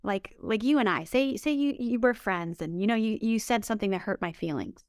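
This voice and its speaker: A woman's voice: mid-range voice, animated, brisk, darkish tone, smooth, no room sound, studio quality. A woman healing coach answering interview questions in an emphatic, upbeat way, often repeating words for stress. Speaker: spiritual healing coach, guest.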